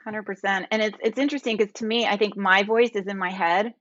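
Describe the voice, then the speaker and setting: A woman's voice: medium pitch, steady tone, a little fast, fairly bright tone, no room sound, dull audio. A woman guest on a recovery podcast, reflective and sharing her own experience in a casual chat.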